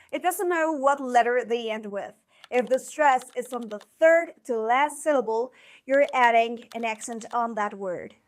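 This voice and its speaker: A woman teaching a scripted video lesson, speaking clearly and encouragingly and slowing down to sound out example words. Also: on the high side. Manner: clear, encouraging instructional delivery. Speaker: Spanish teacher.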